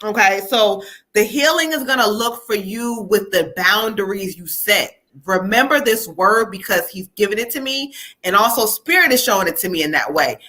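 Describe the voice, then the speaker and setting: A woman giving a live-streamed card reading from home. She talks to her viewers in a chatty, familiar way and laughs easily. Her voice is bright and forward, sitting at a middle pitch. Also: expressive, moderate pace. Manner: chatty, laughs often, calls viewers child and y'all. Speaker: psychic medium host.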